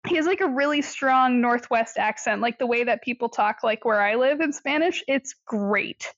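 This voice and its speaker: A woman's voice: a little high, moderate pace, a bit bright, dry recording, lo-fi sound. A woman chatting casually as a podcast co-host, giggly and full of fillers. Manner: giggly, with lots of fillers and playful put-on voices. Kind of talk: casual chat.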